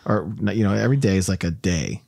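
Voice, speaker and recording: A man's voice: deep voice, lively intonation, fast talker, gravelly, a little mellow, husky, dry recording, studio quality. A man hosting a casual podcast, telling rambling stories and laughing through his own jokes. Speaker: podcast host.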